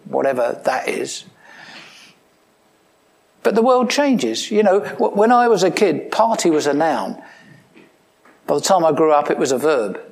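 Man preaching with emphatic swells. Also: gravelly. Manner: conversational preaching with rhetorical questions and dry humor; swings between emphatic rising lines and low quiet asides. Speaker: pastor. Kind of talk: sermon.

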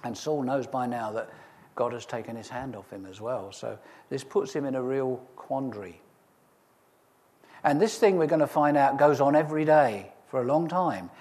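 A man preaching a sermon, reading scripture and retelling it in a lively, humorous storytelling way with asides to the listeners. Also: medium pitch, moderate pace.

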